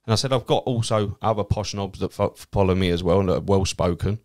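A man with an Essex accent chats casually and tells stories, swearing freely and acting out the people in them. His voice sits a little low. He talks like a cab driver who does stand-up. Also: fast. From Essex, England. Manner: swears freely, acts out quoted people in a lively way. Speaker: cab driver and comedian guest. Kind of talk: casual chat, telling anecdotes.

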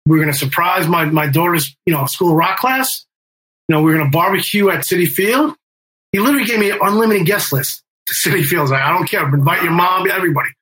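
A man's voice: sits high, animated, fast talker, pushed and bright, slight background noise, low-quality recording. A middle-aged man telling a long story in casual interview talk, rambling with fillers and restarts and swearing. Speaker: guest, band member and music manager.

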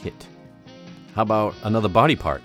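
A man's voice: on the low side, brisk, fairly bright tone, faint music behind. A man co-hosting a podcast, teasing and playful, laughing often as he runs a word game. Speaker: podcast co-host. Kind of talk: casual chat and mock-sultry reading.

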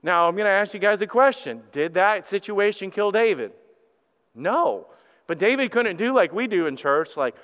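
Man, pastor, candid conversational sermon, clear smooth voice, long church reverb. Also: sits high, animated, moderate pace, a bit bright. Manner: candid and conversational, with frequent restarts. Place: church sanctuary.

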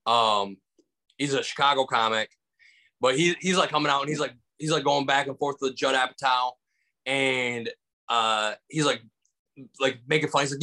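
Bright-voiced man telling stories casually. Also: medium pitch, normal speed. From Michigan. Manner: animated, acts out voices in anecdotes, many fillers. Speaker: stand-up comedian guest. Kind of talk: casual storytelling in an interview.

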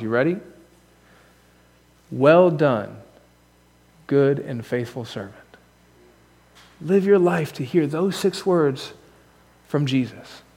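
Earnest pastor preaching in a reverberant hall. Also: male voice, sits high. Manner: earnest, swings between loud urging and soft, near-whispered lines; conversational, with asides and humor. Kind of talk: sermon. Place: church sanctuary.

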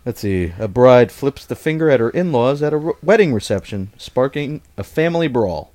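A man's voice: medium pitch, lively intonation, moderate pace, a little mellow. A man co-hosting a comedy podcast, reading odd news bits aloud in casual chat. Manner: reads news bits aloud, breaks into laughter. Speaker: podcast co-host reading stories.

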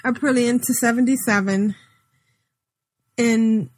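Play a giggly, husky female podcast co-host. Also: on the high side, fairly even intonation, takes it slowly, dry recording, low-quality recording. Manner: giggly, chatty. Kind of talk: casual podcast chat.

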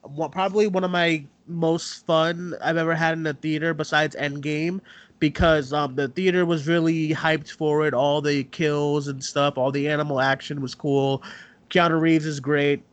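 A man's voice: a little high, moderate pace. A man co-hosting a movie podcast over a remote call, talking loosely and casually with many fillers. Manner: relaxed, loose, with frequent fillers. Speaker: podcast co-host, film editor. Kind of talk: casual chat.

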